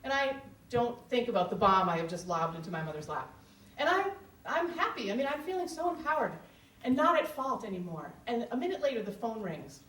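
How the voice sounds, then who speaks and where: A woman's voice: on the high side, sing-song, brisk, fairly bright tone. Earnest, candid woman storyteller on a live stage, roomy room, mic at a distance, faint ambience.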